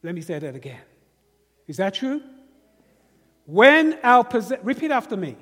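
A British man delivers a sermon in a high, unhurried voice, pausing to throw questions to his congregation and get responses. His words carry a long reverb, as if filling a church hall. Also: sing-song, a bit bright. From Britain. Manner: call-and-response preaching, rhetorical questions to the congregation. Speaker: preacher.

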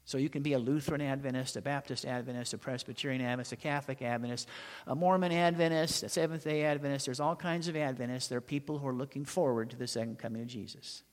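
A man preaching a sermon as pastor, telling stories and asking the congregation rhetorical questions. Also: mid-range voice. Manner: storytelling preacher, rhetorical questions, dramatic pauses. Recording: long hall reverb.

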